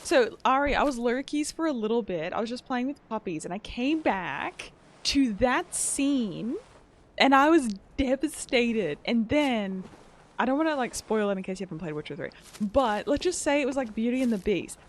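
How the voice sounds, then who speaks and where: A woman's voice: a little high, animated, normal speed. A young woman streaming a game, chatting casually with viewers, laughing often and greeting new followers. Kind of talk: casual gameplay commentary.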